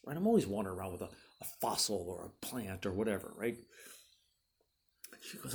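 A man hosting his own show, telling prank stories in a casual, animated way and acting out the quotes in high voices. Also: brisk, gravelly, slightly rough. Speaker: podcast host. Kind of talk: casual storytelling monologue.

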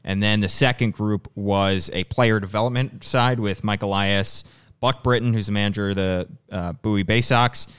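A man's voice: on the low side, fairly even intonation, moderate pace, a bit bright, clear, resonant tone. A man in his twenties co-hosting a sports podcast, talking in a loose, rambling way and laughing at himself. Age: 20s. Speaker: podcast co-host. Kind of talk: casual sports podcast chat.

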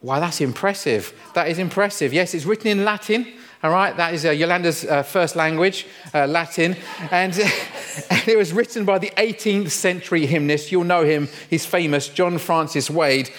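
A man's voice: a little high, moderate pace, few pauses, a bit bright. A middle-aged man, preaching a humorous sermon in a playful, self-mocking storytelling way. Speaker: pastor.

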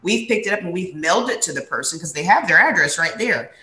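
A woman's voice: on the low side, fast talker. Chatty woman co-host, roomy sound. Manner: chatty, relaxed, many fillers. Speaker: podcast co-host. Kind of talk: casual podcast chat.

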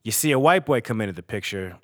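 A man in his thirties, a podcast host, reading a personal letter aloud in a steady, earnest way with pauses. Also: lowish voice.

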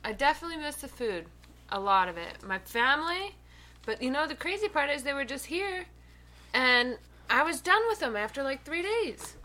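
A woman's voice: sits high, sing-song, pushed and bright, slight background noise. A young woman from the US East Coast, co-hosting a podcast in casual chat, telling stories and laughing easily. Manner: storytelling, quick to laugh. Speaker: podcast co-host.

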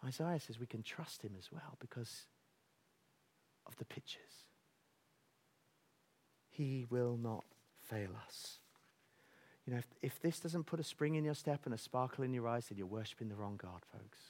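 A man preaches a sermon at a medium pitch and moderate pace, telling stories with animated energy. For emphasis, he drops to soft near-whispers.

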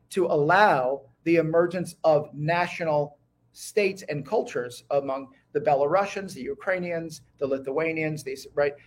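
A man speaking as a guest historian in an interview, eager and talking in bursts with many restarts. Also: on the high side. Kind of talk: conversational interview.

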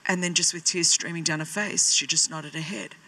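A woman's voice: low-pitched, steady tone, brisk, pushed and bright. A woman, preaching a sermon as a pastor and telling her own story with self-deprecating humour. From Australia. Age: 40s.

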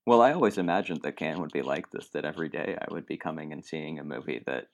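A man's voice: very deep voice, quick pace. A man talking as a film critic guest on a podcast, thoughtful and rambling, with restarts and asides.

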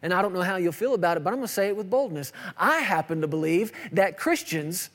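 A man's voice: sits high, animated, quick pace, a bit bright, a little hiss or hum. A man in his thirties preaching a sermon, emphatic and repetitive with playful asides. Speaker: pastor. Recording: long hall reverb.

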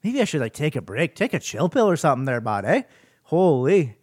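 A man hosting his own podcast in a solo rant, with a lively, swinging delivery. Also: fairly quick, husky, no echo, studio quality. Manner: animated ranting, swings up and down in pitch. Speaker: podcast host.

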